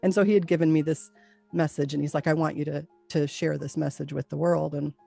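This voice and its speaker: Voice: mid-range voice, fairly even intonation, a little fast, vocal fry, dark tone, dry recording, faint music behind. A near-death experience witness telling their story casually and reenacting the dialogue they remember. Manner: casual, reenacts dialogue with lots of "like" and "you know". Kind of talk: personal testimony.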